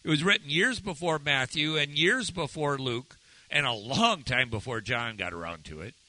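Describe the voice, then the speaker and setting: A man leads a relaxed Bible lesson, moving between reading and casual commentary. His voice is very bright and sits slightly high for a man, and the sound is close and dry with no room echo. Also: normal speed. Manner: conversational, animated when retelling. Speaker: Bible study teacher. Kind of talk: informal sermon teaching.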